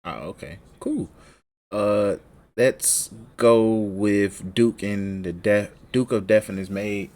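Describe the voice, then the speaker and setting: A man co-hosting a casual podcast, chatting and joking in a relaxed way. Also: fairly low pitch, takes it slowly. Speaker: podcast co-host. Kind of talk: casual anime recap chat.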